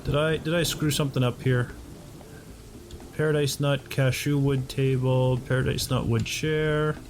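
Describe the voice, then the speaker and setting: A man's voice: medium pitch, slight background noise. A man from North America giving casual gameplay commentary, thinking aloud and correcting himself as he goes. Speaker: let's play host.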